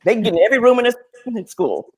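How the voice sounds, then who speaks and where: A woman professor in casual panel conversation, animated and laughing often, acting out other people's voices. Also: mid-range voice, fast, slightly rough. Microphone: video call.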